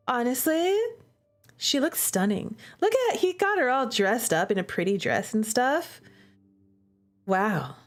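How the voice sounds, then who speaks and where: Young woman, game streamer, chatty, playful, higher voice, faint music under her. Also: animated, unhurried. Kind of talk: casual game commentary.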